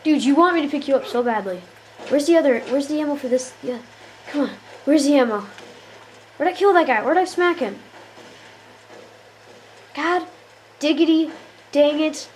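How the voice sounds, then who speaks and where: A woman's voice: sits high, expressive, moderate pace, long pauses, slight background noise, rough recording. A woman giving playful, trash-talking commentary over a shooter game, sounding tired. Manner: playful trash talk at enemies. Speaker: gameplay commentator. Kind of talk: gameplay commentary.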